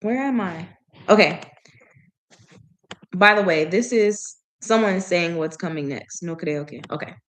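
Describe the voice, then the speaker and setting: A woman's voice: fairly low pitch, unhurried, long pauses, fairly bright tone. A woman practicing reading aloud in a language she is learning, chatting as she goes, often laughing and stopping to puzzle over words. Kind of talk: casual reading practice with commentary.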